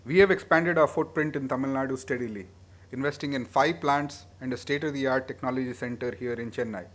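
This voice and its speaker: A man delivering a formal, prepared speech at a conference, measured with emphatic openings. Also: medium pitch. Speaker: conference speaker.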